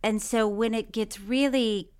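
A woman co-hosting a podcast in casual chat, animated and laughing often as she tells stories. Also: a little high, measured pace, smooth. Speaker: podcast co-host.

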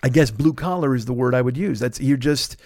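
A man's voice: mid-range voice, a little fast, darkish tone, no echo, clean studio sound. A man hosting a podcast, telling a long personal story in a casual, profane and exasperated way into a microphone. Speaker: podcast host.

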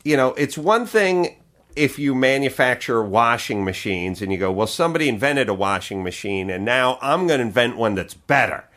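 A man's voice: mid-range voice, animated, moderate pace, fairly bright tone. A man in a casual podcast chat, ranting with profanity and jokes. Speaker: comedian guest.

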